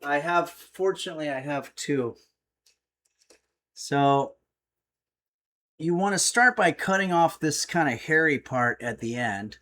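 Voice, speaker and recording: Reading viewer comments during his casual cooking livestream, a man talks in a fairly high, animated, bright voice with a forceful edge. He goes slowly and pauses often, rambling in an easygoing manner with plenty of fillers, all from his home kitchen.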